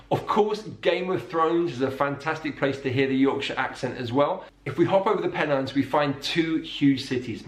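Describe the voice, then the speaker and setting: A man teaching English accents in scripted narration, slowing down to demonstrate sounds. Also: mid-range voice. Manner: explanatory, demonstrates sounds slowly. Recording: roomy echo.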